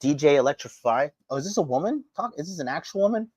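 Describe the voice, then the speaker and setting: Quick, animated, and a bit high yet darkish in tone, a male livestream host addresses his chat straight on with a foul-mouthed, confrontational rant, recorded with no echo.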